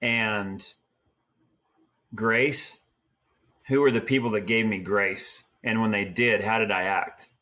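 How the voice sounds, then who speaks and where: Lowish and slow, with frequent pauses, this middle-aged man from Oregon ropes on a team and trains. He shares casual, folksy stories, animated, performing the quotes as he goes.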